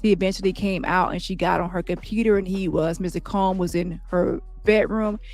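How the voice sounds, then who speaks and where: A woman reading the part of a man testifying in court, recounting events in a plain, halting way, with faint music behind. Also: fairly low pitch, fairly even intonation, a little mellow, close to an everyday voice. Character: shaken male witness testifying at trial.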